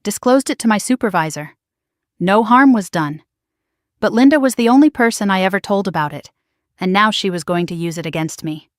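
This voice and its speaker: A woman narrating a first-person drama story in a measured, even way. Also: medium pitch, no echo, studio quality.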